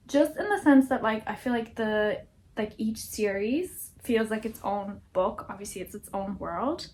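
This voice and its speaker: A woman's voice: medium pitch, darkish tone, slight background noise. Young woman, vlog host, gushy and giggly, talks casually about books. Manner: gushing, repeats words for emphasis; giggly, emotional. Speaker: book vlogger.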